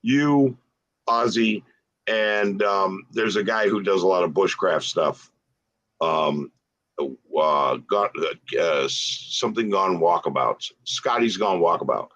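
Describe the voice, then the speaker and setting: A man co-hosting a casual livestream, chatty and emphatic with quick opinions. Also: sits low, fairly bright tone. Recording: dull lo-fi audio.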